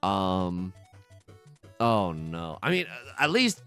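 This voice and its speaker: A man commentating live on his own tile game, excitable and jokey, yelping at setbacks and muttering while he counts tiles. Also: low-pitched, slow, soft background music. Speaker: streamer playing a tile game.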